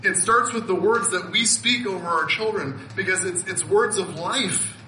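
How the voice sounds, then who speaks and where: A man in his fifties delivers a heartfelt sermon, laughing often and repeating words as he presses his point. His voice sits high and very bright. The hall around him rings with echo and a faint hum of ambience. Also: moderate pace. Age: 50s. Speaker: pastor.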